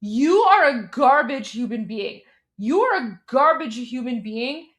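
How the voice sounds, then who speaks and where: High-voiced woman in heated live commentary. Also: sing-song, unhurried. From Iran. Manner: heated, scornful, repeats herself for emphasis. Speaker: political commentator hosting a live stream.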